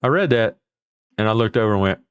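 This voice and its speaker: A man's voice: fairly low pitch, expressive, quick pace, clear, resonant tone, dry recording. A man hosting a livestream, rambling in a folksy way with mild swearing as he reacts to viewer comments. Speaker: livestream host. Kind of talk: casual chat reading viewer comments.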